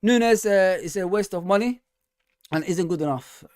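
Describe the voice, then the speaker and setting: A man's voice: moderate pace, a little mellow, dry recording. Guy hosting a fan show, worked up and ranting, says bro a lot, dry close mic. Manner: frustrated, exasperated ranting with rising pitch; casual slang, calls listeners bro and man. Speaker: host. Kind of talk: fan show commentary reading viewer comments.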